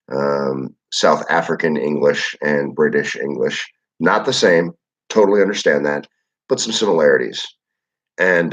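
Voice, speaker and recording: A young man from Michigan, hosting a casual livestream and reading the chat. He talks in a rambling, relaxed way, with lots of filler words and swearing. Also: very deep voice. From Michigan, USA. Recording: dull lo-fi audio.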